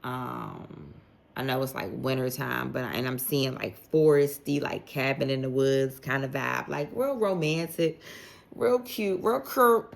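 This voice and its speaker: A woman's voice: a bass voice, unhurried, gravelly. A woman giving a casual, chatty tarot reading for zodiac signs, speaking straight to each sign with plenty of slang and "like" fillers. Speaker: tarot reader.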